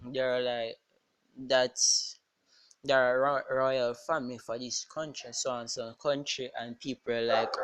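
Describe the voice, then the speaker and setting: A man's voice: medium pitch, a bit bright. A man improvising a fan-fiction story aloud, rambling with many restarts and fillers.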